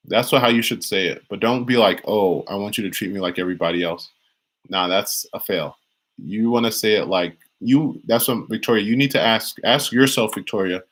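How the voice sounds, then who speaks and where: A man does a live-streamed tarot reading, rambling casually and restarting or repeating phrases as he goes. His voice is on the low side and a bit bright, and the recording is rough.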